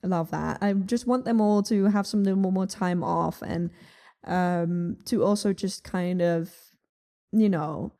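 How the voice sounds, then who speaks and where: A young woman with a Dutch accent chats through her music picks with a mellow, warm tone. She rambles loosely, filling gaps with ums and likes and the odd swear word. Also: on the low side, measured pace, gravelly. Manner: chatty, lots of ums and likes, laughs often, casual swearing. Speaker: music vlogger. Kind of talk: casual music review chat.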